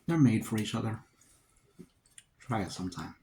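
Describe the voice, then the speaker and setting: Man, low voice, relaxed rambling mukbang chat, faint background noise. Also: normal speed, poor audio. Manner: relaxed, rambling, talks to himself between bites. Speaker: vlogger.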